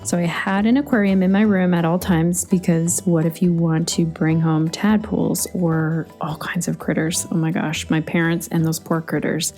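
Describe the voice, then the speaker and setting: A woman's voice: lowish voice, dark tone. A middle-aged woman hosting a solo podcast, chatty and storytelling, laughing easily. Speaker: podcast host.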